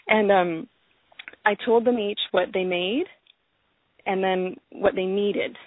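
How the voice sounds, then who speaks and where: An enthusiastic woman chatting as a guest. She laughs often and circles back over her words, and her slightly husky voice comes through a tinny, dry phone line. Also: medium pitch, fairly even intonation, slow pace, no room sound. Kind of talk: casual conversation.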